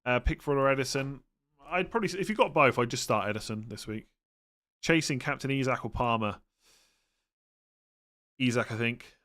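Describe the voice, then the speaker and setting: Guy on a live stream, chatty, lots of ums, quick calls on each question. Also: medium pitch. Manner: relaxed, thinks aloud with fillers and quick verdicts. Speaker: livestream host answering fantasy football questions. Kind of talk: casual live-stream chat.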